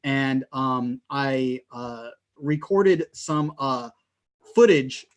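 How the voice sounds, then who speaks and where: A man co-hosting a casual podcast, joking and teasing in drawn-out asides. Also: medium pitch. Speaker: co-host.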